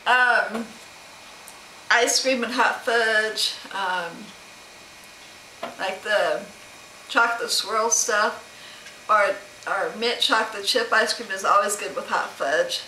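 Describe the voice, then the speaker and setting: Chatty middle-aged woman, slow and unhurried, bright tone, roomy echo. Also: mid-range voice, slight background noise. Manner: chatty, rambling, laughs often. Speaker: vlogger answering a question tag. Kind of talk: casual chat to camera. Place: home room.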